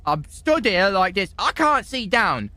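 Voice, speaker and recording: A man with a bright, fairly high voice, in character as a defendant in a game role-play. He rambles through his testimony and bursts into shouts now and then. The sound is dry and close. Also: sing-song, a little slow, no echo. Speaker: role-player as defendant in court.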